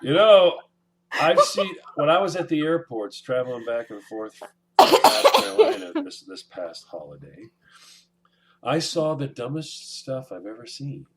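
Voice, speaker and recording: A man's voice: medium pitch, huge pitch swings, unhurried, noisy background. A man co-hosting a casual podcast chat, joking and acting out mock dialogue. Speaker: podcast co-host.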